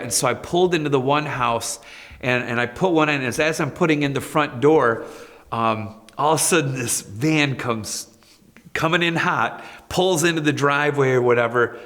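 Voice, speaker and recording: A man's voice: mid-range voice, moderate pace, in a large hall. A man, a school principal, telling stories with animation and acting out the people he quotes. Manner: lively, acts out quoted voices. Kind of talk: personal storytelling.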